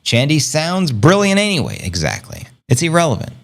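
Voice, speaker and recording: A man hosting a casual livestream, rambling upbeat and slangy, reading out viewer comments and giving shout-outs. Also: on the high side, huge pitch swings, normal speed, gravelly. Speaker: crypto livestream host.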